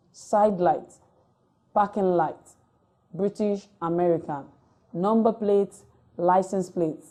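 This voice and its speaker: Woman lecturer, lowish dark voice, reads item by item like dictation. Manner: reads word lists item by item in a measured, dictating way. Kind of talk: recorded distance-learning lecture.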